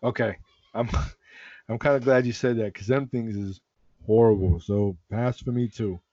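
A man's voice: lowish voice, moderate pace, dry recording. Easygoing guy talking sneakers, rambly, kinda dull lo-fi sound, dry. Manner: relaxed, rambling with restarts. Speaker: sneaker podcast host. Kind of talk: casual chat.

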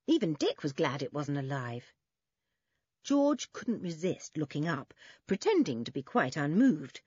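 A woman narrating a children's adventure story in an expressive, animated reading. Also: deep voice, measured pace, breathy edge, dry recording, highs cut off. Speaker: audiobook narrator.

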